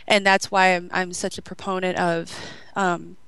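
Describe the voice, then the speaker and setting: Woman radio host, chatty and bubbly, smooth clear voice, dry close sound; casual, filler-heavy talk. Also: on the low side, level tone, measured pace, a bit bright, no echo, low-quality recording. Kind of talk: casual podcast chat.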